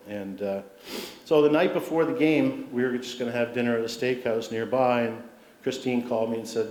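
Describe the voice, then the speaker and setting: A man's voice: mid-range voice, fairly even intonation, normal speed, slight background noise. A middle-aged man giving an acceptance speech at an awards ceremony, telling family stories with humor. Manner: warm anecdotal storytelling with humor. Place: large civic hall. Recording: roomy hall with faint ambience.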